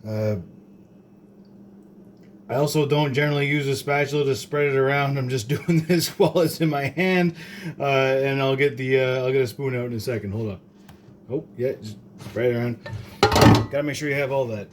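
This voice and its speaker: A man's voice: medium pitch, normal speed, pauses often, slight background noise. A young man from Canada, talking through a home cooking demonstration in a rambling, joking, profane way full of fillers. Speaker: home cook vlogger. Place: home kitchen.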